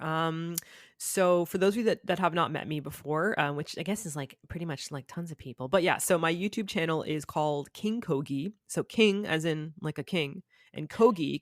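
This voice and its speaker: A woman's voice: low voice, no echo, clean studio sound. A woman guest on a podcast, talking candidly in a chatty, rambling way with many fillers. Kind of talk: candid conversational interview.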